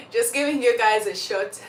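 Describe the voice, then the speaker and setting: A young Ugandan woman with a slightly high voice hosts a livestream, chatting casually with viewers and laughing often. She's a little under the weather with a slight cough. She's recorded from a distance, so the sound is roomy and off-mic with faint background noise.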